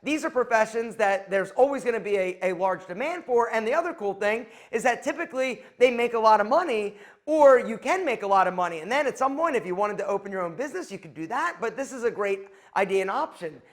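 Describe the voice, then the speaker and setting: High-voiced man giving chatty life advice. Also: expressive, fast. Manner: chatty, advice-giving, acts out quoted exchanges. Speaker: YouTube host. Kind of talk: casual storytelling to camera.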